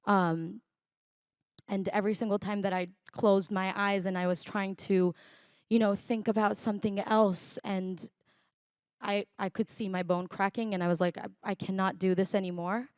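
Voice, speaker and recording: A young woman, a guest recounting her personal story in an interview, reflective and halting, with many fillers. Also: medium pitch, fairly even intonation, a little mellow, clean tone, no echo, studio quality. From Israel. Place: conference stage.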